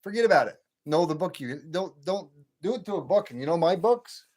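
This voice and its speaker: A man's voice: fairly high pitch, lively intonation, fairly quick, dark tone. A man in his late fifties hosting a late-night livestream, ranting and rambling with many repeats and restarts. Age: 50s. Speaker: livestream host.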